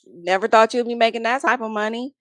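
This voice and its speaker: A young adult woman chatting candidly as a podcast guest, animated and emphatic, with frequent swearing. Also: a little high, fairly quick, no echo, clean studio sound. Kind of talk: candid casual chat.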